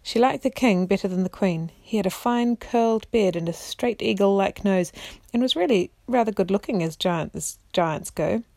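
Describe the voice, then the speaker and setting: Woman reading a bedtime chapter book to her kids, gentle and unhurried, a bit of gravel in her voice, dry close sound. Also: medium pitch, no room sound. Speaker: parent reading aloud. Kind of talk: storybook reading aloud.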